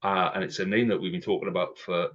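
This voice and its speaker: A man's voice: low-pitched, steady tone, fast, a bit bright. A man co-hosting a podcast in a casual, chatty way, acting out quoted exchanges as he goes. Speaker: podcast co-host. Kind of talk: casual chat. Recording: dull lo-fi sound.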